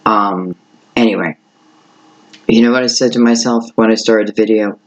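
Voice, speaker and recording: A man giving a casual, rambling tarot reading to his viewers, gentle in manner and full of asides like "you know" and "right". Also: on the low side, steady tone, normal speed, low-quality recording. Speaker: tarot reader.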